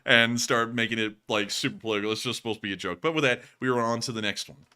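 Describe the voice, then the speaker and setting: A man hosting a casual livestream, reading thanks to supporters and cracking jokes that turn loud and high. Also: fast, clear, resonant tone. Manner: joking, goes loud and high in bits. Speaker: livestream host.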